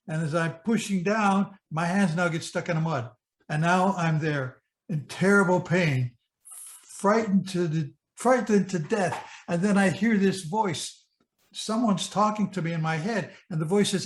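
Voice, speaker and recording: An older man in his eighties recounts a personal experience in earnest, vivid present-tense storytelling, often restarting his phrases. His voice sits slightly high for a man. The recording carries a noticeable room echo. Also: moderate pace. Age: 80s. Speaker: speaker sharing a personal experience.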